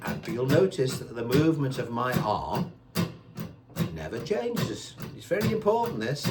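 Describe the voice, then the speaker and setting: Older guy teaching beginners guitar, kinda low voice, counting one and two, guitar strumming loud behind him. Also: expressive, brisk. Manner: chatty, counts beats aloud while strumming. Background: his own acoustic guitar strumming.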